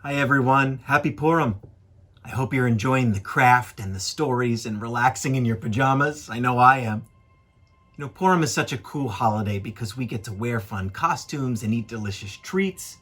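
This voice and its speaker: A man's voice: medium pitch, moderate pace, fairly bright tone. A man giving a friendly, enthusiastic talk to children as a guest teacher.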